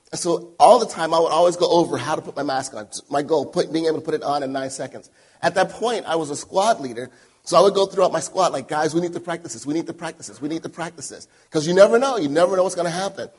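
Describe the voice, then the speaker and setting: A male pastor preaching a sermon, telling stories with sudden loud emphatic bursts and quiet asides. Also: a little high, husky.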